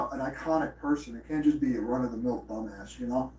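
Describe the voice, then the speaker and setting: A man's voice: mid-range voice, fast, hardly any pauses, warm tone. A man hosting a live stream, rambling in profane casual chat and slipping into mock impressions. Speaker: livestream host. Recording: roomy, distant from the mic.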